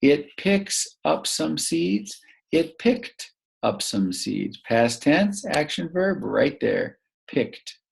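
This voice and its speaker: A man teaching a recorded grammar lesson to young children, patient and prompting them to pause and answer. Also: on the high side, big pitch swings, gravelly, breathy edge.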